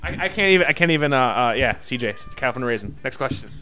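A young man hosting a podcast, excitable and laughing, stammering and repeating himself. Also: mid-range voice, very fast. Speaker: podcast host. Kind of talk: casual chat.

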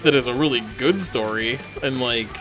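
A man's voice: medium pitch, normal speed, music in the background. A man co-hosting a casual podcast chat, rambling and swearing as he talks. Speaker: podcast co-host.

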